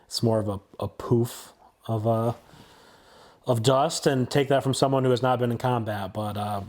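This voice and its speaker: A man in his twenties, the host of a channel, giving a blunt, opinionated and somewhat halting casual film review. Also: medium pitch, fairly even intonation, darkish tone.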